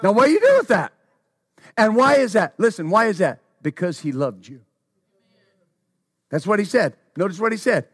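A man preaching a sermon who repeats his phrases, asks the congregation questions and calls out hallelujah, stumbling over words when excited. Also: sits high, normal speed, long pauses, breathy edge, dry recording, studio quality.

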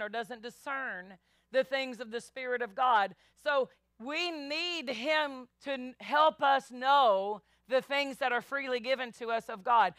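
A woman pastor preaching a sermon, animated, acting out biblical voices and calling the congregation y'all. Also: high voice, dry recording, clean studio sound.

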